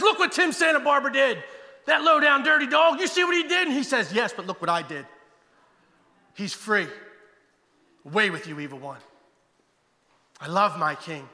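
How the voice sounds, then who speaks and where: A man preaching a passionate guest sermon, swinging between loud exclamations and hushed, intense passages. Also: very high-pitched, expressive, brisk, in a large hall.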